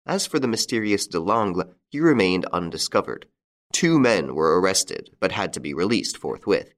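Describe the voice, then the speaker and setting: A man narrating a classic crime story aloud in an expressive, dramatic way. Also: low voice, normal speed. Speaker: audiobook reader.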